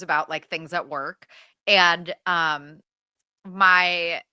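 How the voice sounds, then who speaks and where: Bright-voiced woman co-hosting a gossip podcast. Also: fairly low pitch, steady tone, clean tone, no echo, studio quality. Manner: laughing, chiming in with quick agreement. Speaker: podcast co-host. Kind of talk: casual gossip chat.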